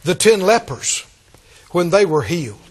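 A man preaching a sermon, laughing often and acting out the scripture scenes in lively voices. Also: high-pitched, unhurried, slightly rough.

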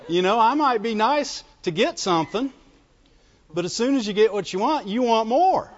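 In a dull, lo-fi recording with long reverb, a male pastor gives a homespun church sermon and draws amens from the congregation. His high voice has lively intonation and moves at a normal speed.

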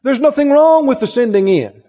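A man's voice: extremely high pitch, animated, normal speed, mellow. A man preaching a sermon emphatically, repeating phrases and asking the congregation questions. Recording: dull lo-fi recording in a reverberant hall.

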